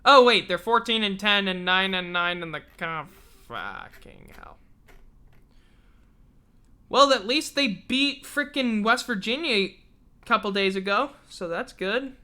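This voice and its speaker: A woman's voice: medium pitch, normal speed, bright, forceful tone, smooth. A woman hosting a casual livestream sports show, ranting in an exasperated, profane way. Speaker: sports talk show host.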